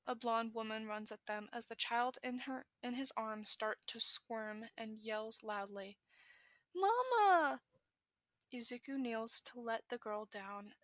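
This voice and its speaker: A woman's voice: a little high, bright, forceful tone, dry recording. A woman reading a fan fiction story aloud, correcting small slips as she goes. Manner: brisk reading with self-corrections. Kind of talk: podfic narration.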